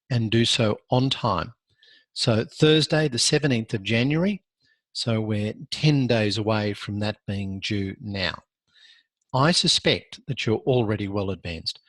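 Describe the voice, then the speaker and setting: A male law lecturer with an Australian accent giving earnest, measured advice in a recorded university lecture, pausing now and then on fillers. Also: fairly low pitch, fairly bright tone, breathy edge, no room sound.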